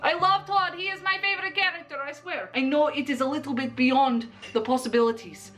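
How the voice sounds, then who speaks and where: A woman's voice: high voice, brisk, a bit bright. A young adult woman chatting playfully through a makeup tutorial, full of jokey asides. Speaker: makeup vlogger. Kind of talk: casual makeup tutorial chat.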